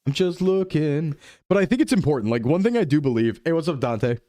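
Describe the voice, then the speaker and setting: A young man chatting casually while streaming a game, playful and quick to drop into goofy voices. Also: a little high, very animated, mellow, no room sound, clean studio sound. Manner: playful, jumps into goofy voices and dub impressions. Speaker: VTuber streamer. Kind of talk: casual gaming chat.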